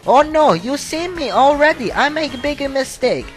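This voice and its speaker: Guy doing a squeaky nervous crook, broken english, fake foreign accent, video game goof. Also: lively intonation, faint music behind. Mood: flustered. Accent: put-on vague foreign accent. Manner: broken English, fast, fretful. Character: shifty male crook babbling in broken English.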